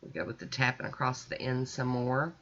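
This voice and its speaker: A woman's voice: rumbling low, brisk, fairly bright tone, lo-fi sound. A woman chatting casually as she narrates each step of her nail art, self-deprecating and easygoing. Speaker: nail art video creator.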